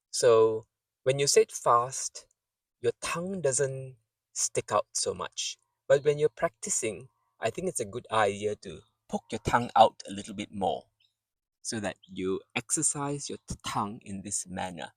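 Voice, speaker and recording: A man's voice: mid-range voice, expressive, unhurried, no room sound. A man teaching English pronunciation outdoors among trees, patiently repeating words to demonstrate sounds. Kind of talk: pronunciation lesson.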